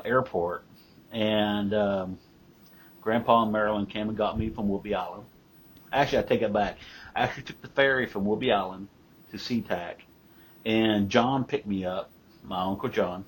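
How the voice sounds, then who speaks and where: Low-voiced man telling stories. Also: a little hiss or hum. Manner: rambling, corrects himself mid-story. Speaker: co-host, son of the guest. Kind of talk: casual family storytelling.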